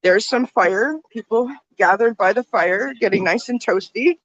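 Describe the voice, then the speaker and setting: A woman's voice: mid-range voice, measured pace, no echo, dull audio. A woman vlogging on a handheld phone as she walks outdoors through a snowy ski resort village, out of breath and talking chattily to her viewers as friends. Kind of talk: walking vlog.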